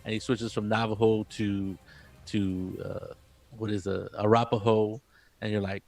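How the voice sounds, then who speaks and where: A man running a tabletop role-playing game as game master, talking haltingly with many fillers. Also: fairly low pitch, level tone, creaky, darkish tone, no room sound.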